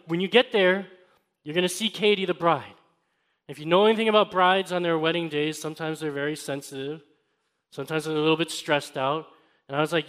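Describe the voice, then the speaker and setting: A man with a high, light voice delivers a sermon. He tells a personal story in an easygoing, conversational way, then swells with emphasis on his key points. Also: a bit bright. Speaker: pastor.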